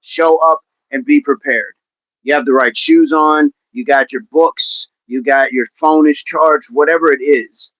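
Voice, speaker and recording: A man's voice: fairly high pitch, fairly even intonation, measured pace, fairly bright tone, no room sound. A man coaching fitness on a livestream, talking with viewers in an upbeat, encouraging way and often repeating his phrases. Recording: dull, dry livestream audio.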